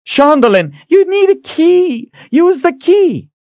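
A man voicing a desperate, fierce young woman leader who shouts at the top of her lungs. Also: very high-pitched, very animated, takes it slowly, no echo, muffled recording, pitched above the performer's own voice, exaggerated voice. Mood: urgent.

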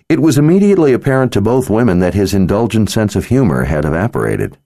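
A man narrating an audiobook in a measured, steady manner. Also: lowish voice, dry recording, studio quality.

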